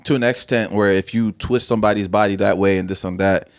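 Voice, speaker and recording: A young man co-hosting a podcast in an easygoing, chatty way, often breaking into laughter. His voice sits a little on the low side. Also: fairly even intonation, fast, clear, resonant tone. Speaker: podcast co-host. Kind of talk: casual chat.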